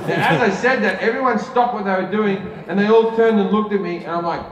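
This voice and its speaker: A man's voice: high-pitched, quick pace. A man in his forties with an Australian accent, doing stand-up storytelling in a big indoor arena, profane and self-mocking, laughing through his punchlines. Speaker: stand-up comedian. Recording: echoey arena PA, distant, noisy.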